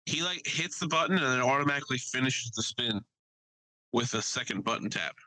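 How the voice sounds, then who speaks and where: A man's voice: medium pitch, animated, brisk, bright, forceful tone, no room sound, low-quality recording. A man on a casual podcast, animatedly telling an anecdote, swearing freely and quoting people he met. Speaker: podcast co-host. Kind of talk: casual storytelling chat.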